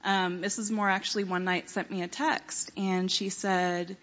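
A woman telling a personal testimony to a congregation, earnest and unhurried, with many fillers and pauses. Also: medium pitch, level tone, fairly bright tone, muffled recording. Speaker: church member giving a testimony.

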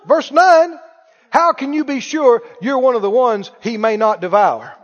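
A man's voice: very high voice, animated, normal speed. A man preaching a sermon, emphatic, firing questions at the congregation. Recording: muffled hall recording with long reverb.

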